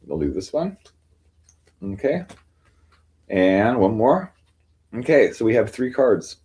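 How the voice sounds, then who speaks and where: A man hosts a casual livestream from home and reads strange fortune cards aloud. His voice sits low and mellow. He rambles, piles up fillers, and reels off lists of meanings. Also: low-quality recording. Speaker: livestream host reading cards.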